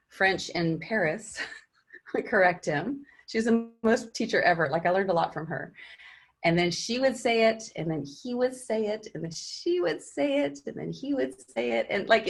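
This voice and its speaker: A middle-aged woman teacher giving her class an earnest, encouraging pep talk through a personal story. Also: lowish voice. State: teary.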